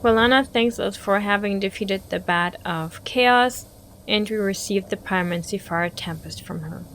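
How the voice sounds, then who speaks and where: A woman's voice: medium pitch, moderate pace, a bit bright, slight background noise. A woman hosting a game walkthrough, giving chatty, emotional gameplay commentary.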